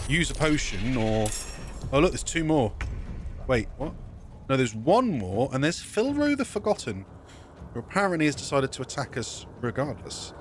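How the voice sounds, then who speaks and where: A man's voice: mid-range voice, a little hiss or hum. A man casually commentating his gameplay as a let's play streamer, thinking aloud and correcting himself as he goes.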